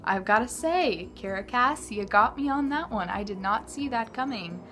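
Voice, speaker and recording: A woman talking casually to camera as a book vlogger, animated and gushing, mocking the characters in quick asides. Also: fairly high pitch, faint music behind.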